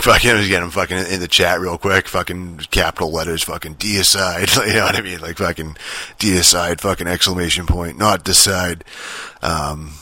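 A man's voice: deep voice, sharp tone, no echo. A man hosting a podcast, telling a long story in a casual, profane, rambling way with many fillers and restarts. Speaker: podcast host.

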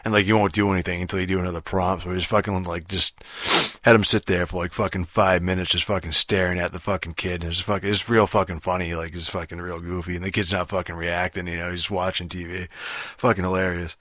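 A man's voice: low-pitched, little pitch movement, fast, fairly bright tone, no room sound, clean studio sound. A man casually retelling a video game, rambling with heavy swearing, fillers and restarts.

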